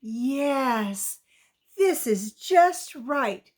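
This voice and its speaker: A woman's voice: sits high, lively intonation, very slow, exaggerated voice. Young duck girl, curious and fussy, slightly raised voice; a woman reads her.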